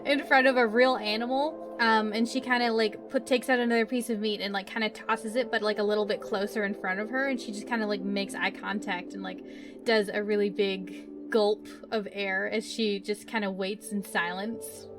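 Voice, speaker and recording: A woman's voice: medium pitch, fairly even intonation, moderate pace, over music. A woman playing a tabletop game, describing her character's actions hesitantly with lots of fillers. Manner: hesitant, full of fillers like "kinda". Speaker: player. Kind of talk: casual tabletop role-play.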